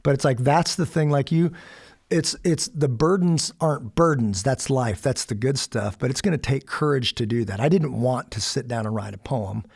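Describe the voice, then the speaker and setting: Gravelly man telling a lively story. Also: medium pitch, normal speed. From United States. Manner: animated, acts out quotes, laughs often. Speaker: podcast guest. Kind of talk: storytelling in casual chat.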